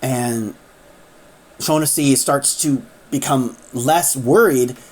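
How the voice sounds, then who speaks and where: A woman's voice: rumbling low, takes it slowly, a little mellow. A woman casually retelling a story in a chatty way, acting out the characters as she goes.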